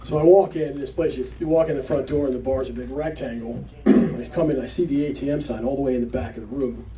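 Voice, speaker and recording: A man's voice: mid-range voice, fairly even intonation, quick pace, mellow. A man doing a rambling stand-up story set in a small comedy club, chatty and full of fillers, picked up from a distance with the crowd laughing. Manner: conversational, rambling with fillers, acts out quotes.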